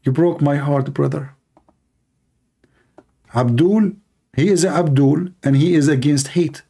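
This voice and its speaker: Slow and on the high side, this man's voice is warm, with vocal fry and a breathy edge. As host of a live religious debate stream, he mocks and needles sarcastically in nonstandard English grammar.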